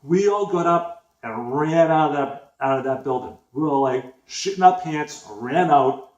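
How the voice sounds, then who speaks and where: A man's voice: fairly high pitch, measured pace, darkish tone, highs cut off. A man in his forties with a Boston accent, telling a story in a rambling, casual way, full of fillers, restarts and swearing. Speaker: vlogger. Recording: echoey room.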